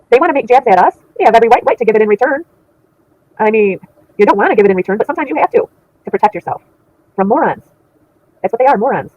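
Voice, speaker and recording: A woman's voice: a little high, a little mellow, lo-fi sound. A middle-aged woman hosting a casual livestream, chatting with viewers in an indignant, laughing way. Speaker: channel host reading chat.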